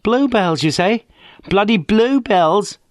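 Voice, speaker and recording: A man's voice: high-pitched, normal speed, dry recording, studio quality, voice pushed up, natural voice. A man reading an audiobook, voicing a brash, common-talking young woman on the phone. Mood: mocking. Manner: cheeky, defensive, common speech.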